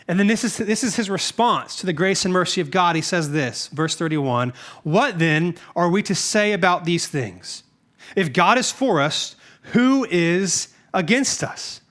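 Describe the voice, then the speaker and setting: A male pastor preaching a sermon, reading scripture emphatically and letting his voice drop softly at the ends of phrases. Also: high-pitched.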